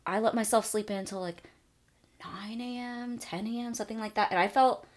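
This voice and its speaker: A woman's voice: mid-range voice, brisk. A young woman co-hosting a podcast, telling a story in a loose, chatty way. She peppers every sentence with fillers and acts out what she was thinking, her voice jumping up when she gets worked up. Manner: animated, frequent "like", acts out her own thoughts. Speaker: podcast co-host. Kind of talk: casual storytelling chat.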